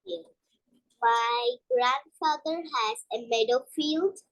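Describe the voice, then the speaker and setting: High, slow, gravelly-voiced young pupil. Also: very animated, a bit bright, lo-fi sound. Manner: hesitant, simple phrasing, answers briefly. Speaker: student. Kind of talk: reading and answering in a lesson.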